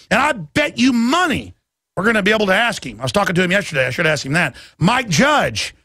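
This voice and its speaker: A man's voice: high-pitched, very animated, brisk, pushed and bright, no echo, clean studio sound. A man in his thirties hosting a talk radio show, delivering an impassioned, ranting monologue. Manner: impassioned, ranting, mimics others in quoted voices. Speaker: radio host.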